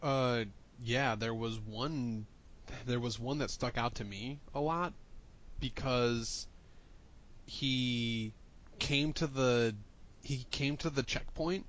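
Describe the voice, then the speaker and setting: A man's voice: medium pitch, slow pace, long pauses, fairly bright tone, slight background noise. Regular-voiced guy on a podcast, loose rambling story, laughs a lot. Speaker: podcast co-host. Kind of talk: casual podcast discussion.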